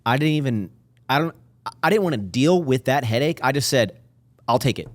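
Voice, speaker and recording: A man's voice: medium pitch, lively intonation, a little fast, no room sound. A man co-hosting a podcast in casual chat, curious and asking lots of loose questions. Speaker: podcast co-host.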